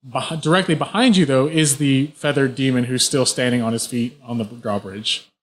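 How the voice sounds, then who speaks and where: A man narrating as game master in a casual, halting way. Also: medium pitch. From Southern United States.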